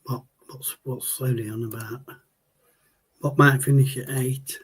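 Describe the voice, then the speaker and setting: A man's voice: medium pitch, steady tone, a little slow, breathy edge. A man, hosting a casual livestream and rambling as he answers viewer chat. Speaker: livestream host.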